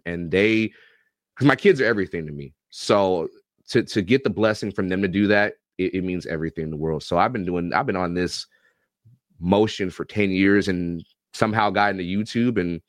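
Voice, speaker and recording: A man in his thirties or forties, a football coach and YouTube reactor, telling animated, profane, joking stories as a guest on a podcast interview. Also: low voice, dry recording, clean studio sound. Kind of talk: casual podcast interview storytelling.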